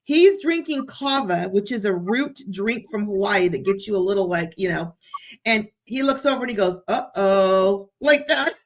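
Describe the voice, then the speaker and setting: A woman chatting as a guest, telling a story in an excited, animated way. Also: mid-range voice, moderate pace. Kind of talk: casual chat.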